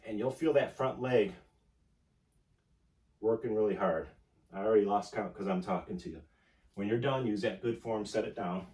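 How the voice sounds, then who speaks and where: A man's voice: on the low side, normal speed, long pauses, darkish tone. Man coaching a home workout, echoey. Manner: coaching, talks while exercising. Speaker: fitness instructor. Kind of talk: casual workout instruction. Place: indoor home room. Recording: echoey room, distant mic.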